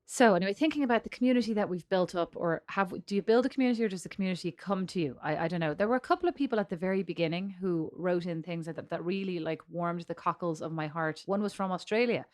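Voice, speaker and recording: A woman's voice: fairly low pitch, fast, hardly any pauses, a little mellow. A middle-aged Irish woman co-hosting a podcast in casual chat, telling stories with teasing humor and frequent laughter. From Ireland. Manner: teasing, storytelling, laughs often. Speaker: podcast co-host.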